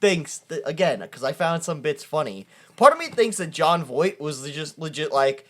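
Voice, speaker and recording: A podcast co-host in loose, joking movie-review chat. The voice moves a lot in pitch around a middle height, with frequent laughter, swearing and quick impressions of the characters. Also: very animated. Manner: sarcastic, profane, laughs often, mimics characters.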